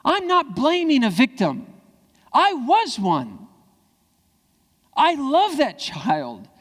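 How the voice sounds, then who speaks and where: A man gives a keynote speech in a large hall, and a long reverb trails each phrase. His voice runs high for a man and leaps up and down as he stresses his points. He talks emphatically and acts out small exchanges for the crowd. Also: slow pace. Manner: animated, emphatic, acting out dialogue. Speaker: keynote speaker.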